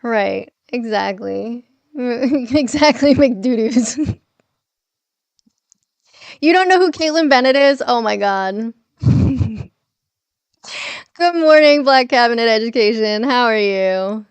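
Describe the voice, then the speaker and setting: Woman, livestream host, casual chat, laughs often, smooth voice, dry close sound. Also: on the high side, lively intonation, takes it slowly, pauses often, no room sound. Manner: chatty, laughs often, reads chat aloud.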